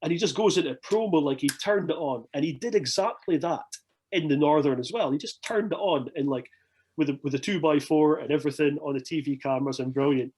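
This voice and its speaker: A young Scottish man telling a long rambling story as a podcast guest, animated and swearing freely. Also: fairly high pitch, a little fast, breathy edge. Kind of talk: casual storytelling.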